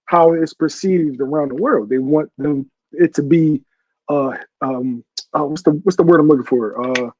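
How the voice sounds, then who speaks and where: This podcast host has a fairly high, somewhat mellow voice and a moderate pace, captured with lo-fi sound. Co-hosting a laid-back online debate show, he keeps interrupting the others so he can press and unpack his argument.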